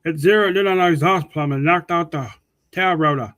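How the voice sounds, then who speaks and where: High-voiced man reading comic lines. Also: fairly quick, a bit bright, no room sound. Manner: reads dialogue with stumbles and repeats. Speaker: co-host reading comic dialogue. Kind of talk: casual comic read-along.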